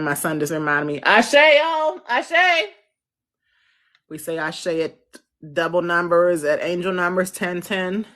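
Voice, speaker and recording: Astrologer, casual live stream, slangy, laughing, middle pitch, phone mic. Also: a bit bright. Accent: Central US. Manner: chatty, answers viewer comments; loose slangy speech, laughs often. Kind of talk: casual livestream chat.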